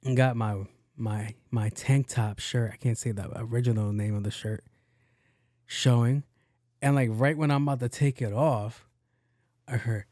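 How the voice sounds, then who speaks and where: A man's voice: medium pitch, moderate pace, no echo, studio quality. A man hosting a podcast, telling a story in a casual, profane way and acting out the other people's lines. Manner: animated, profane, acts out voices in his story. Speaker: podcast host.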